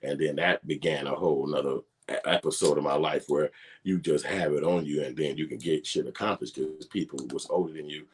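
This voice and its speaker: A man's voice: very deep voice, steady tone, brisk, a little hiss or hum. A man in his forties telling a personal story in a casual, profane, laid-back way. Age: 40s.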